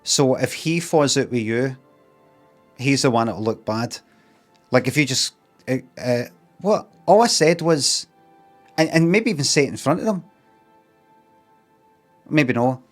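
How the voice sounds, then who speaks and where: A middle-aged Scottish man with a Glaswegian accent, chatting casually on a livestream, rambling and deadpan, acting out bits of mock dialogue. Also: medium pitch, measured pace, long pauses, soft background music. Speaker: streamer. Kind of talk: casual livestream chat with chat readers.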